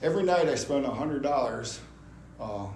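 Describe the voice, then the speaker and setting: A man's voice: mid-range voice, expressive, normal speed, a little mellow. A man from Iowa giving a personal testimony in a church hall, telling his story in a folksy way and acting out the voices of people he quotes. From Iowa, USA. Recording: roomy hall with faint hum.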